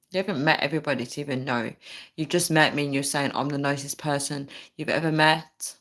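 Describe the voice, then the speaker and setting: A woman's voice: low-pitched, fairly even intonation, a little fast, a bit bright. A young woman chatting casually to her viewers, telling a story and reading comments, often adding "right?" and "guys" and laughing. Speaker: vlogger reading live chat.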